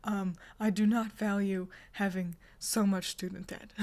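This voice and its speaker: A woman streamer chatting casually with her viewers, handing out teasing, mock-insulting advice and laughing often. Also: medium pitch. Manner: admits she is bad at whispering. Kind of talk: casual livestream chat.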